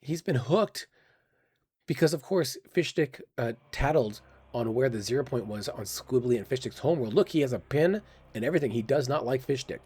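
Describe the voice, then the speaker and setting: A man's voice: mid-range voice, expressive, normal speed, a little mellow, slightly rough, no room sound. Upbeat man narrating a game menu. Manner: curious, upbeat, thinks aloud with exclamations. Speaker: gaming channel host. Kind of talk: casual game commentary voice-over.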